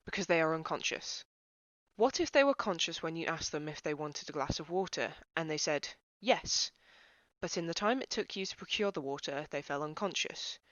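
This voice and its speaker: A woman hosts a cabaret with a brisk, deadpan comic monologue, slipping into exaggerated voices for the people she quotes. Her voice sits a little low. The sound is dry and dull. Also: dry recording. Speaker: cabaret host.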